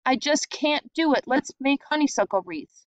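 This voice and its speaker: A woman reading a story aloud and voicing a small, frail, sickly boy who talks in a soft, pleading way. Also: mid-range voice, big pitch swings, fairly quick, no room sound. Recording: dull lo-fi sound.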